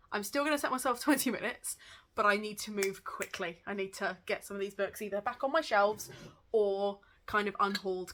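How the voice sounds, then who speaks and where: Young English woman, bright voice, chatty book vlogger, talks fast. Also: mid-range voice. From England. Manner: chatty and rushed, with self-aware laughs. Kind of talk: casual book wrap-up chat.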